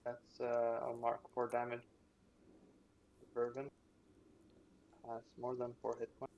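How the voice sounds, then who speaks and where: A man narrating a tabletop game as game master, unhurried, with frequent fillers and chuckles. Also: mid-range voice, completely flat delivery, darkish tone, lo-fi sound, slight background noise.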